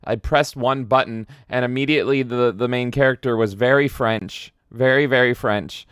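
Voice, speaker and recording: A man from Canada who hosts a game stream, chatting casually in a profane, excitable, rambling way. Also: mid-range voice, clean tone, no echo, clean studio sound. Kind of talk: casual livestream chat.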